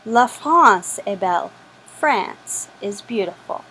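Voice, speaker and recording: A woman's voice: medium pitch, animated, slow pace, pushed and bright, slight background noise, low-quality recording. A woman teaching a French lesson, patiently repeating each word for practice. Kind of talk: slow spoken language lesson.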